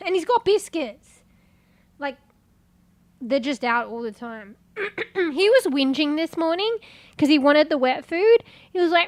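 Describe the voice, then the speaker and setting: A woman's voice: high voice, animated, measured pace, dry recording. A young woman streaming a game, chatting casually and rambling, swearing freely and laughing often. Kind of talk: casual live-stream chat.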